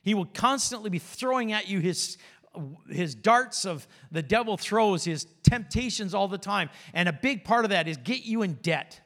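A man's voice: sits high, lively intonation, normal speed, fairly bright tone. A man preaching a conversational sermon in a church, mixing plain talk with anecdotes. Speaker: pastor.

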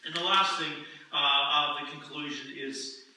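Bright man preaching in an echoey hall. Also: on the high side, a little slow. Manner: conversational, animated storytelling with acted-out quotes. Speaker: pastor. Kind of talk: sermon. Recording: echoey room, mic at a distance, faint noise.

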